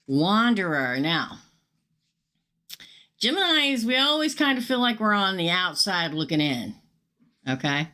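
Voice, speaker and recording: A woman's voice: medium pitch, sing-song, a little slow, pauses often, pushed and bright. A middle-aged woman casually reading tarot cards on a livestream, chatty and upfront, talking straight to her viewers. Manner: chatty, upfront, talks straight to viewers and reads chat aloud. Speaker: tarot reader hosting a livestream.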